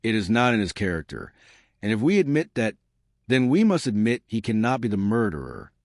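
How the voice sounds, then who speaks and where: A man's voice: on the low side, sing-song, fairly quick, dry recording, studio quality. A man voicing a polite, probing older detective in an audiobook. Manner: courteous, probing, formal.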